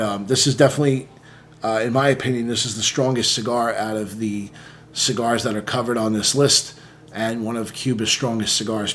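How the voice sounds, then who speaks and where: Male reviewer, mid-pitched, laid-back chatty delivery with lots of fillers, faint background hiss. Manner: relaxed, conversational, many fillers and "okay?" checks. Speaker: cigar reviewer. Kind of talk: casual review monologue.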